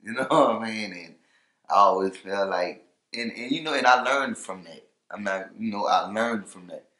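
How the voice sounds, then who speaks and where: In a relaxed interview, a rapper with a lowish voice speaks at a moderate pace, sprinkling in "you know" and "for real" and raising his volume when excited. The room is echoey.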